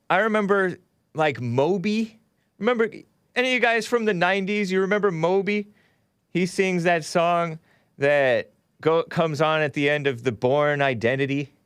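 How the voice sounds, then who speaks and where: A man's voice: on the high side, a bit bright, smooth, no echo, clean studio sound. A man hosting a talk show, giving rambling, sarcastic political commentary with scornful asides.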